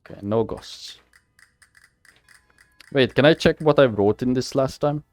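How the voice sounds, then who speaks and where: A man's voice: mid-range voice, unhurried, no room sound. A man casually narrating a game he is playing, rambling and self-deprecating. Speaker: gamer reading and playing.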